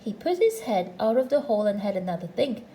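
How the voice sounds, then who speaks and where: A woman narrating a children's storybook aloud with a gentle, expressive delivery. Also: mid-range voice, a little fast, reverberant, slight background noise, rough recording. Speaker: storybook reader.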